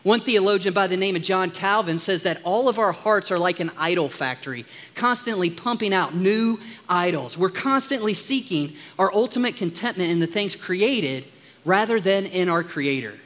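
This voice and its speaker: High-voiced pastor preaching in a reverberant hall. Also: male voice, expressive, normal speed. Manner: upbeat, joking with the congregation, hushed in prayer. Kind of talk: sermon. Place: church sanctuary.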